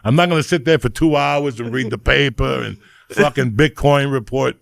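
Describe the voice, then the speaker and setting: A man's voice: medium pitch, normal speed, creaky, dry recording, studio quality. A middle-aged man, hosting a podcast and telling a profane, rambling comedic rant. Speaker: podcast host.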